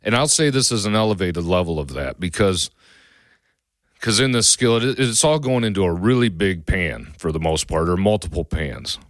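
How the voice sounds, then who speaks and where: Man, very low voice, dry close sound, folksy rambling podcast host. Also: animated, normal speed, no echo. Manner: rambling, folksy, lots of restarts and fillers. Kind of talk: casual cooking podcast talk.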